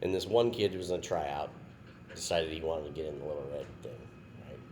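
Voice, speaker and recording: A man's voice: very deep voice, a little fast, darkish tone, a little hiss or hum. A man guest on a casual podcast, telling a story and often checking in with "right?" and breaking into laughter.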